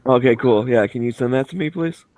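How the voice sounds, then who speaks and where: A man's voice: medium pitch, fairly quick, no room sound. A man in casual chat, telling stories with lots of swearing and acting out the voices of others. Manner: profane, animated storyteller who acts out voices. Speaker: show host.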